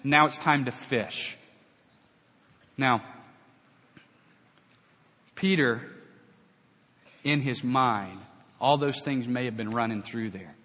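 A man's voice: mid-range voice, slow, long pauses, bright, forceful tone. A man preaching a sermon, telling a Bible story with dramatic acted-out dialogue. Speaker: pastor. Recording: long reverb of a large hall.

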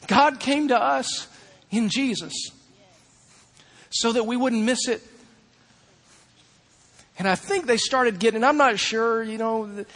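A male pastor preaching in a fairly high voice. He drops to a hush, then climbs back to loud, urgent lines. A long hall reverb trails behind his words. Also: slow pace, long pauses. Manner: preaching with big swings from hushed to loud. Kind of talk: sermon.

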